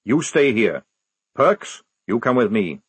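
A man voicing a gruff, burly old army sergeant who barks curt orders. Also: mid-range voice, sing-song, slow pace, no echo, full character voice. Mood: commanding. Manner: barking, curt commands.

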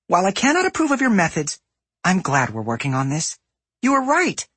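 A man voicing a naive, cheerful young goblin woman inventor in a high, earnest voice in an audiobook reading. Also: huge pitch swings, brisk, fairly bright tone, husky, dry recording, full character voice. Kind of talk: audiobook character voice.

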